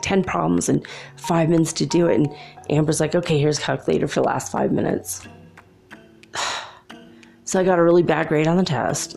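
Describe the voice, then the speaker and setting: A woman's voice: deep voice, vocal fry, dark tone. A young adult woman telling a personal story in a casual, chatty way, laughing often between remarks.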